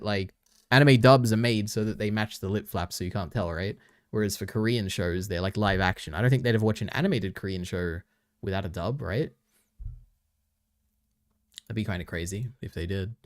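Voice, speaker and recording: A man's voice: on the low side, a little fast, dry recording, studio quality. A young man streaming, reacting to videos in an offhand, chatty way and thinking aloud.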